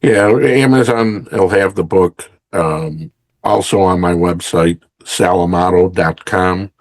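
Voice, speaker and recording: Brief: deep-voiced male author, halting delivery, dry recording. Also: no echo. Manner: halting, with many fillers. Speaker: author guest. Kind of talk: interview conversation.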